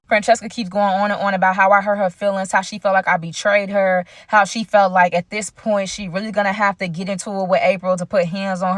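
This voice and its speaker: A woman's voice: medium pitch, dry recording, studio quality. A young woman telling a story in a casual storytime vlog, chatty and talking straight to her viewers. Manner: chatty, keeps addressing viewers directly. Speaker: vlogger.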